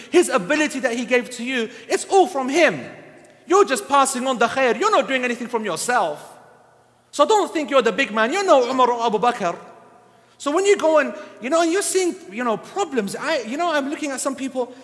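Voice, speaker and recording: Man, high voice, blunt preacher, humorous and scolding, long hall reverb. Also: a bit bright. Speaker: Islamic lecturer. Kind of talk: sermon lecture.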